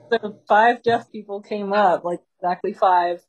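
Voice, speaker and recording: Animated woman telling stories with laughter. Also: medium pitch, slow pace, rough recording. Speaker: small-group teacher. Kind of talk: casual storytelling teaching.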